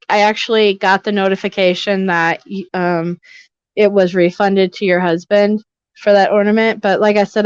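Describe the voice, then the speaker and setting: A woman's voice: medium pitch, smooth, dry recording. A young woman hosting a casual livestream, chatting and rambling with lots of fillers. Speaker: livestream host. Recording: slightly dull lo-fi audio.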